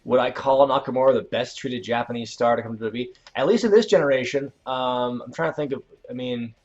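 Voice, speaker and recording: A man hosting a casual livestream, chatting while he plays a video game. He rambles and corrects himself, and breaks into sudden loud outbursts at the game. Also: medium pitch, fast talker, highs cut off. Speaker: channel host.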